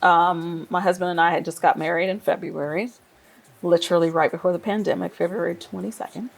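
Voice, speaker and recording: A woman from Nigeria, an interior designer, telling her career story in a casual, lively way and laughing often. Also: fairly low pitch, fairly quick, gravelly. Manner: lively, laughs often, acts out quoted voices.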